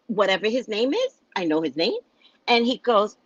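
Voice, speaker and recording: A woman's voice: medium pitch, big pitch swings, fairly quick, no echo. A woman host and psychic reader telling a story in a casual, indignant, profane rant. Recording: dull lo-fi dry sound.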